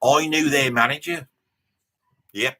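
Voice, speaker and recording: A man's voice: medium pitch, takes it slowly, sharp tone. A middle-aged man with a Birmingham accent, rambling and joking as he reads viewer comments on a live stream. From Birmingham, England. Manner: rambling, jokey, mock-boastful. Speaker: guest on a live reaction stream.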